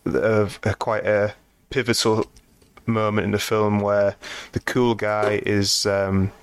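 A man's voice: lowish voice, little pitch movement, takes it slowly, clear, resonant tone, no room sound. A man co-hosting a film podcast in casual chat, meandering and restarting sentences with dry humor. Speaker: podcast co-host.

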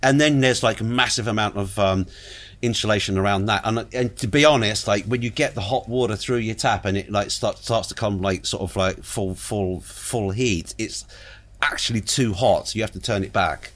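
A man's voice: lowish voice, moderate pace, a bit bright. A man from Finland co-hosting a casual radio chat, talking in a rambling, hesitant way with many fillers. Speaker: co-host.

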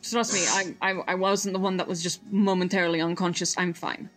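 A woman voicing a huge, gentle male Goliath warrior in her own voice, talking in rambling, self-correcting bursts. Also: on the low side, flat delivery, fairly quick, soft background music, natural voice. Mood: flustered.

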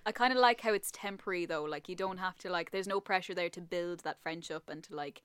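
A woman, co-hosting a podcast and telling stories in casual, animated chat. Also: fairly low pitch, fast talker, smooth, dry recording, clean studio sound. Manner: chatty, animated storytelling with swearing.

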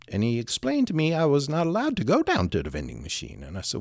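A man casually telling a personal story, animated and salty, with frequent restarts. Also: fairly high pitch, fast talker, creaky, hardly any pauses, dry recording, clean studio sound.

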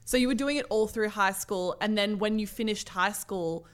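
A woman's voice: medium pitch, normal speed. A woman hosting an interview, asking curious, enthusiastic questions. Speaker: interviewer host. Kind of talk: casual interview chat.

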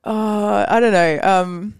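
A woman's voice: mid-range voice, steady tone, slow pace, smooth, dry recording, clean studio sound. An Australian woman in her thirties, a podcast guest chatting casually, laughing often and saying "like" a lot. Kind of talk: casual chat.

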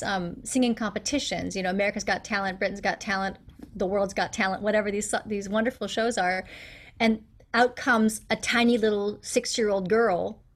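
A middle-aged woman guest in a casual interview, talking at a mid-range pitch. She explains in an animated way and acts out little quotes as she goes. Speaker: guest accent coach.

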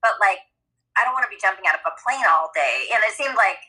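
A middle-aged woman and mother chatting candidly, laughing often and jumping into high playful voices when she quotes her kids. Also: expressive, fast talker, sharp tone, husky, poor audio. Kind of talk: casual chat.

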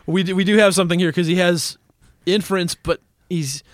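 A man's voice: high-pitched, fairly even intonation, a little fast, no room sound, clean studio sound. A man co-hosting a casual chat, dryly teasing while he quizzes a friend on films. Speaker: podcast co-host, quiz asker.

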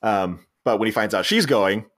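A man's voice: lowish voice, lively intonation, normal speed, a bit bright. A man with a Philadelphia accent, co-hosting a casual movie podcast and retelling the plot in a rambling way, laughing and restarting often. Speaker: podcast co-host. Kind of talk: casual movie recap chat.

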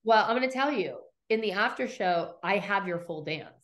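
A woman's voice: medium pitch, moderate pace. A middle-aged woman hosting a podcast, casually recapping scenes, acting out quotes and swearing freely. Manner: animated storyteller, acts out quotes, swears freely. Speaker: podcast host recapping episodes.

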